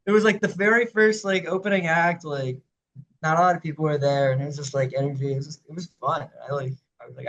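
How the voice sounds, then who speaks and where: A man's voice: fairly high pitch, fairly even intonation, fast, fairly bright tone, slight background noise, low-quality recording. A young man co-hosting a podcast, laid-back and chatty, laughing often and saying 'like' a lot. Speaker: podcast co-host. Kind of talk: casual music review chat.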